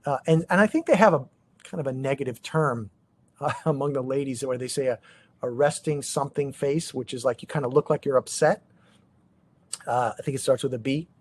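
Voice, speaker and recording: Middle-aged man giving a lively seminar talk. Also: a little high. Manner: animated, asks the audience many rhetorical questions; loose, conversational, with frequent restarts. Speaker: chiropractor presenting a practice seminar.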